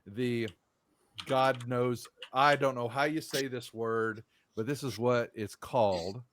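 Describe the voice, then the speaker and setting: A man's voice: medium pitch, steady tone, slow pace, fairly bright tone, a little hiss or hum. A man, running a tabletop game in loose, rambling narration. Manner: loose, rambling, full of fillers and restarts. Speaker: game master.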